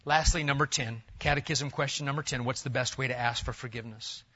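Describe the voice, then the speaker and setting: A pastor preaching a sermon, swinging between loud emphatic bursts and hushed, near-whispered lines. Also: male voice, mid-range voice, fairly even intonation, a little fast. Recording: dull lo-fi church recording.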